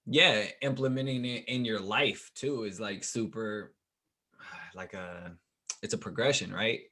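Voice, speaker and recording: A man's voice: lowish voice, unhurried. A man hosting a podcast, sounding a little tired, chatting casually and repeating his words. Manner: relaxed, repeats words, laughs often. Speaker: podcast host.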